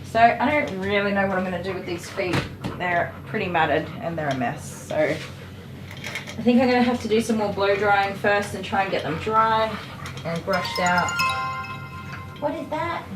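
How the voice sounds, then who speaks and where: A woman dog groomer on a casual livestream, softly praising and soothing a dog and chatting with viewers. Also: medium pitch, normal speed. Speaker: dog groomer streaming live. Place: grooming salon, indoors. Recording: echoey room with loud clipper noise. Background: electric clippers buzzing.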